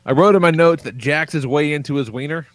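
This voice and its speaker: A man in his thirties, co-hosting a podcast in casual chat, telling stories in a profane, animated way. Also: a little high, quick pace, dry recording. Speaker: podcast co-host.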